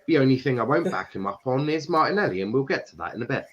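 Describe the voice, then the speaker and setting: A man from Ireland hosts a casual football talk show and reads out comments from the chat. He laughs often and stumbles into quick restarts. His voice comes through a dull, lo-fi mic. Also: medium pitch, animated. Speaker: podcast host reading chat. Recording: dull lo-fi sound.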